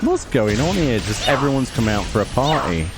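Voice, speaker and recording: A gaming YouTuber grumbles and snipes sarcastically through a casual let's play, his medium-pitched voice swinging widely in pitch at a normal speed. Game music plays underneath him.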